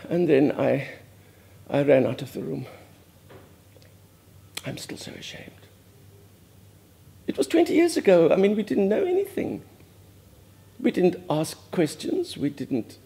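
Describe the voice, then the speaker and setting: A prim older Afrikaans society lady, played by a man, talks in a confiding monologue with an Afrikaans South African accent. Her voice sits a little high yet mellow, and she drops Afrikaans words as she goes. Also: creaky. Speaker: host. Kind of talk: character monologue.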